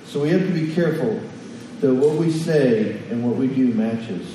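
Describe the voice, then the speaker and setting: A man's voice: medium pitch, normal speed, far from the mic, noisy background. Man preaching in an echoey hall. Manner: conversational preaching with questions to the congregation. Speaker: pastor. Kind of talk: sermon.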